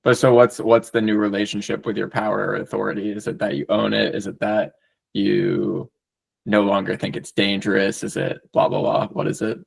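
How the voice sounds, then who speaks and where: A man's voice: lowish voice, little pitch movement, normal speed, creaky, husky. A man hosting a podcast, asking short, probing questions. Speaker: podcast host. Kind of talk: casual chat.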